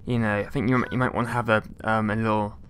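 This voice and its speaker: A man's voice: on the low side, little pitch movement, fast talker, fairly bright tone, a little hiss or hum. Rambling, jokey male gamer commentating. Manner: rambling, jokey, mock-outraged asides with mild swearing. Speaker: let's play gamer. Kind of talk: casual gameplay commentary.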